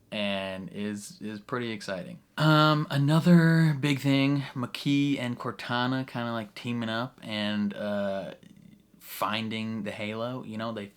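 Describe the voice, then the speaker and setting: A man's voice: lowish voice, smooth. A young man casually recapping a show episode, chatty, laughing often and full of fillers. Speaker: reaction video host.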